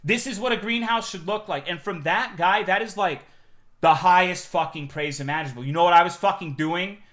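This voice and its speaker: A man's voice: high-pitched, fairly quick, fairly bright tone. A young man streaming, telling a long rambling story in casual, profane chat, with many fillers.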